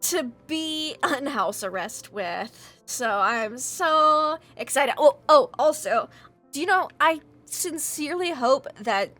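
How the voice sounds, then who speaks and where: A woman's voice: high-pitched, expressive, takes it slowly, bright, forceful tone, soft background music. A woman playing in a tabletop role-playing game, chatting casually at the end of a session. She gushes with enthusiasm and uses many fillers.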